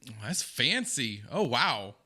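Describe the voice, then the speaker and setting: A man's voice: medium pitch, big pitch swings, slow pace. An American man hosting a reaction video, gushing and laughing often in casual commentary. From United States. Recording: loud background noise.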